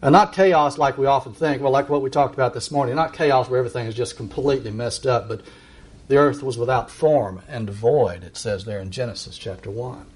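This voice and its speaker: Emphatic male preacher reading scripture. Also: breathy edge. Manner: emphatic, rises high when reading verses and slows down. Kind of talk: sermon reading scripture aloud.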